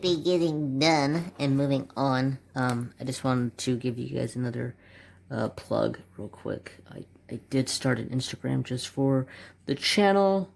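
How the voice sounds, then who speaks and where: A man's voice: medium pitch, unhurried, creaky. A man in his forties chatting casually as a craft channel host, rambling and joking with muttered asides while swatching markers at his home desk.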